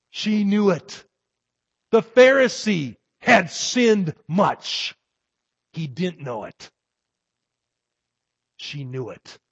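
A man preaching a sermon in a slow, emphatic way, letting his voice swell on key phrases. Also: on the high side, slightly rough, no room sound. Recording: dull lo-fi recording.

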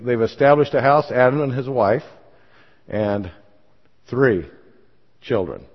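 A man in his fifties, a pastor telling his own story in church, folksy and self-deprecating with many fillers. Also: medium pitch. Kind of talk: church talk with personal testimony. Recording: dull sound, long church reverb.

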